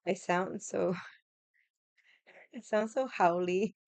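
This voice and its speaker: A woman's voice: medium pitch, vocal fry, darkish tone, no room sound. Chatty woman telling stories, dry sound. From Hawaii. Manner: chatty, laughing, quick asides, swearing; irritated, stubborn storyteller. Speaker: vlogger. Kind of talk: casual storytelling chat.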